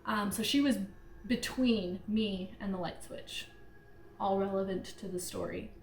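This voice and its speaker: A woman's voice: mid-range voice, measured pace, a little hiss or hum. A young woman vlogger telling a true ghost story in a rambling, casual way, full of "like". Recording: echoey room.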